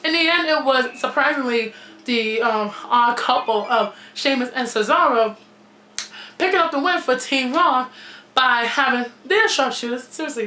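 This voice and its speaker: Blunt, bright-voiced woman in echoey gym. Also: a little high, slight background noise. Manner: blunt and outspoken, swears freely. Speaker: wrestling reviewer. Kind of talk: casual opinionated review.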